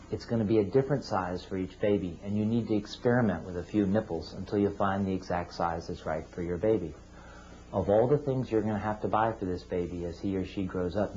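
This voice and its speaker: A man's voice: on the low side, mellow, slight background noise. Dull-recorded man explaining baby feeding steps. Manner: patient, explanatory, plain-spoken. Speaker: cleft team clinician teaching parents. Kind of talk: instructional talk to parents. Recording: dull lo-fi video sound.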